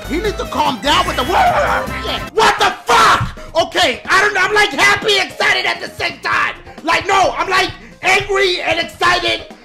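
A high-pitched man shouts and curses through his game commentary, his voice jumping all over the place. He drops to low mutters between the outbursts, and game music plays behind him. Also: lively intonation, a little slow, gravelly, few pauses. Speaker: gaming YouTuber.

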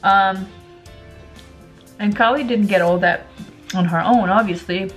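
A woman's voice: mid-range voice, a little slow, poor audio. Chatty woman vlogging over faint music. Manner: chatty, emphatic, repeats points. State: eating while talking. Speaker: lifestyle vlogger. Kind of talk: casual opinion vlog.

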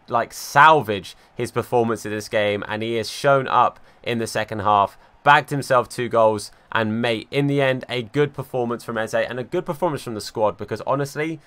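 A young man giving live commentary over his football video game, swinging from calm play-by-play to exasperated outbursts. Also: mid-range voice. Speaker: gaming YouTuber.

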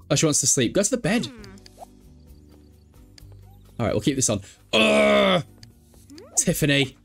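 Lively, laughing young man streaming a game. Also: mid-range voice, a little fast, creaky, soft background music. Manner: chatty, sweary, laughs often, reads chat aloud. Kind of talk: casual live game commentary.

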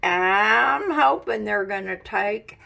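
A woman's voice: medium pitch, lively intonation, takes it slowly, gravelly, sharp tone. A woman, chatting casually in a giggly, folksy way while filming a home vlog indoors. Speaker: vlogger.

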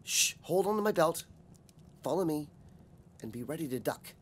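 A man's voice: fairly high pitch, expressive, normal speed, slightly rough. A man reading an audiobook, voicing a commanding young male dragon rider in urgent, raised tones. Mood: tense.

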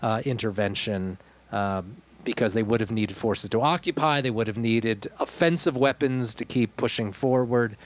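A man's voice: fairly low pitch, normal speed. A man co-hosting a podcast, talking through politics in a conversational, digressive way with wry asides. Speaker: podcast co-host. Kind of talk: casual political discussion.

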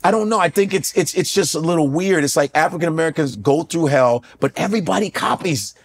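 A middle-aged man in casual chat, an animated storyteller who curses freely and keeps slipping into mocking voices. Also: fairly high pitch, quick pace. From raised in the US, Nigerian heritage. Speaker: comedian guest.

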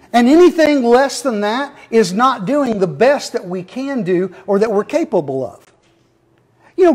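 A male pastor delivers a sermon in a voice pitched high for a man. He keeps it folksy, slipping jokes and asides to the congregation between points. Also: a little mellow.

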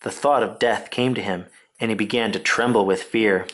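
A man reading a children's storybook aloud with gentle expressive narration. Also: fairly low pitch, normal speed. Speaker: reader.

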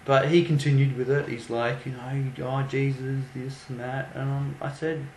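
A young vlogger tells a story casually, amused and mocking, often breaking into laughter. His voice is mid-range and darkish, delivered flatly at normal speed. The room is echoey, with faint background noise.

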